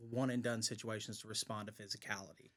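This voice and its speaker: A man's voice: fairly low pitch, steady tone, quick pace, a bit bright. A man hosting a sports show, asking a coach questions in a friendly, conversational way. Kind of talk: casual sports interview.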